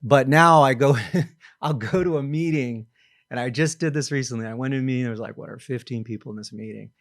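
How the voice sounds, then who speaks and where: A man's voice: mid-range voice, fast, no room sound, clean studio sound. Candid middle-aged man telling stories. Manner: storytelling, acts out quoted thoughts in other voices; self-deprecating, frequent restarts and laughs. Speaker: podcast guest, company founder. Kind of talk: casual conversation.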